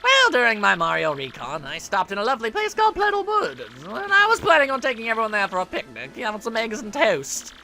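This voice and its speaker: A fussy old turtle witch played by a man simpers in a high, fawning voice as a servant to her king. Her tone swings lively and bright. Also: fairly quick, vocal fry, hardly any pauses, slight background noise, exaggerated voice.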